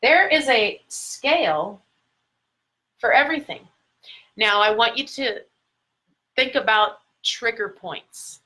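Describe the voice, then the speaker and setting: A woman's voice: fairly high pitch, lively intonation, slow, long pauses, bright, forceful tone, rough recording. A middle-aged woman coaching her viewers in a motivational talk, stretching out key words for emphasis and recording herself for a live video. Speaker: life coach. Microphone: phone or camera mic, recording a live video.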